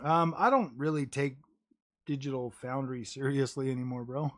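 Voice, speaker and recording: In a casual livestream, a male gaming streamer rambles about game consoles with an expressive, medium-pitched voice and a moderate pace. Expect plenty of "dude" and "bro," the odd curse word, and jokey mocking impressions.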